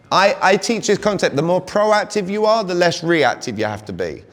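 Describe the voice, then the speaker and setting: Speaking at a conference, an energetic British man in his 40s delivers a live motivational sales pitch, repeatedly quizzing the crowd. His voice is high, the large hall booms with long reverb, and there is slight background noise.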